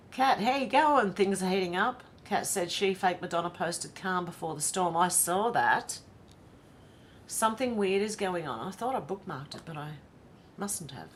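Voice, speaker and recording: A woman's voice: on the low side, a little hiss or hum. An Australian woman hosting a casual livestream, reading viewer comments aloud and greeting each by name. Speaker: livestream host reading chat.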